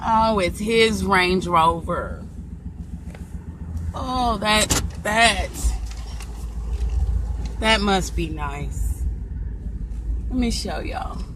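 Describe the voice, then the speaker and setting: A woman's voice: mid-range voice, animated, very slow, long pauses. A woman vlogger chatting casually and playfully on a live stream, recorded on a phone while out and about. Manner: chatty, playful, laughs often. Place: in a car and out in town. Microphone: phone camera. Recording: phone recording with clear street noise.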